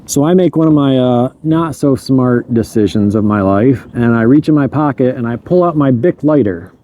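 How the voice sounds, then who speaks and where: A man telling a true story from his own life in a casual way, chuckling at his mishaps and stumbling over words as he rushes ahead. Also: mid-range voice, animated, mellow.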